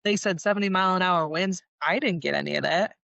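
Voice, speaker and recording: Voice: mid-range voice, quick pace, gravelly, bright, forceful tone, no room sound. A co-host in casual chat, wry and blunt, swearing freely. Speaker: podcast co-host. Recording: dull lo-fi sound.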